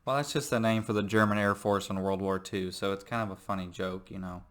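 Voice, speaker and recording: Male history teacher, lower voice, loose and jokey lecture delivery with lots of fillers. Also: fairly even intonation, brisk, a bit bright. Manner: jokey, rambling, many fillers. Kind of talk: recorded classroom lecture.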